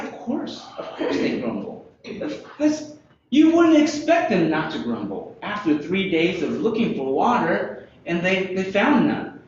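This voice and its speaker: Lively male Bible teacher, higher voice with big swings, echoey lo-fi room. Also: a little hiss or hum. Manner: animated, asks listeners questions, laughs often. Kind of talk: interactive Bible lesson.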